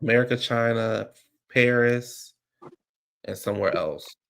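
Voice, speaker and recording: A man's voice: mid-range voice, a little slow, vocal fry, a bit bright, slight background noise. A man hosting a livestream, chatting casually and rambling loosely with lots of fillers. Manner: rambling and loose, full of "like" and restarts. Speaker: livestream host. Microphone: streaming microphone.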